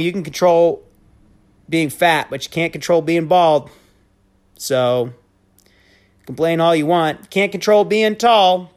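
A man hosting a podcast, delivering a blunt, profane rant with a preachy edge. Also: a little high. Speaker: podcast host. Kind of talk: casual rant monologue.

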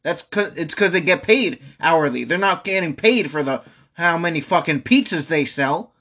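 Exasperated high-voiced young man venting. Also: expressive, normal speed, sharp tone. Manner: exasperated, repetitive, swearing. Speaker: vlogger. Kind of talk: angry venting monologue. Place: at home.

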